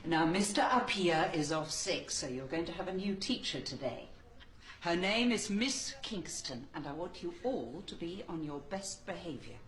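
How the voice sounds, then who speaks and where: A woman's voice: fairly low pitch, lively intonation, normal speed, reverberant, a crowd in the background, lightly acted. Prim head teacher, a woman playing her. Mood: formal. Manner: formal, announcing.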